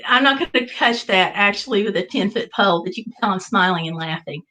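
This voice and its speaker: A woman hosting a casual livestream, telling a travel story in an animated way and reading viewer comments aloud. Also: mid-range voice, quick pace, poor audio. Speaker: livestream host. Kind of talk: casual live chat.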